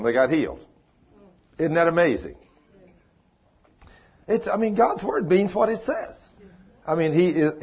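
An older male preacher with a husky, slightly breathy voice delivers a folksy, emphatic sermon. His voice jumps up in bursts of emphasis. The recording sounds dull and muffled. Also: mid-range voice.

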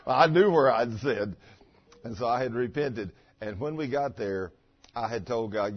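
An older man preaching a sermon in a folksy, animated way, telling a personal story and laughing along the way. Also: mid-range voice, slow pace, husky. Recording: dull lo-fi sound.

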